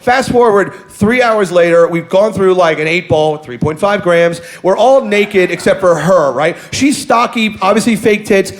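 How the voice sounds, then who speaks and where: A man's voice: high-pitched, normal speed, few pauses. A man telling a crude, profane story to a live audience, brash and self-mocking. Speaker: guest comedian.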